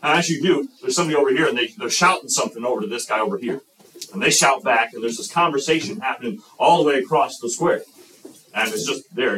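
A man from the United States preaching a sermon, telling a story and acting out voices and sounds as he goes. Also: fairly low pitch. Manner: animated storyteller, acts out voices and sound effects. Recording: roomy, from a distance.

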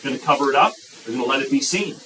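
A man preaching a sermon to a young audience, emphatic and repetitive, slowing down when he quotes scripture. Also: mid-range voice, lively intonation, bright, forceful tone, recorded from a distance, a little hiss or hum, rough recording. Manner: emphatic, repeats phrases, slows for quoted scripture.

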